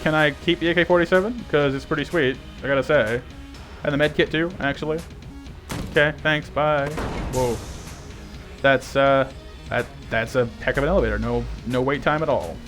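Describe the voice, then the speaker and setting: A man's voice: mid-range voice, steady tone, normal speed, a bit bright. Chatty man narrating a game. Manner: chatty, self-deprecating, thinks aloud. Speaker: gaming YouTuber. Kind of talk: casual let's-play commentary. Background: game music.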